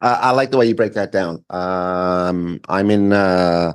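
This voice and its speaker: A man's voice: low-pitched, steady tone, measured pace, smooth. A man hosting a casual interview, talking loosely with many fillers and tag questions. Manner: filler-heavy, asks with frequent "right?". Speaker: podcast host.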